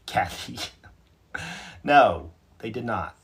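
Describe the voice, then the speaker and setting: A man hosts a relaxed livestream and reads out viewer comments one by one. His voice is husky and a little breathy. He talks in a chatty, self-mocking way and laughs easily. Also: medium pitch, drawn-out words. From North Carolina, USA. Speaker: livestream host. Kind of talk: casual live chat, reading out viewer comments.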